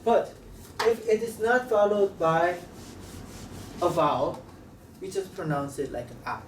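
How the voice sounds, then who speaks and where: Slow-talking male teacher. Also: high voice, very animated. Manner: slow, halting, repeats sounds for demonstration. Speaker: Korean language teacher. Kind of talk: classroom lecture at a board. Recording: roomy, slightly distant mic with faint room noise.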